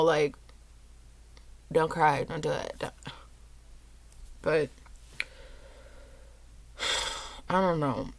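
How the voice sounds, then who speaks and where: A young woman vlogging at home, low and teary, rambling with lots of "like". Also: fairly bright tone, no echo. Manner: rambling, says "like" often. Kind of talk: casual confessional vlog.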